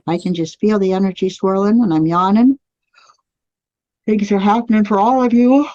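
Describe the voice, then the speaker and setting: A woman's voice: mid-range voice, moderate pace, long pauses, mellow, dry recording, dull audio. A woman teaching a live online class, guiding listeners through spoken affirmations. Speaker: energy healing teacher. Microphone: computer mic on a live video stream.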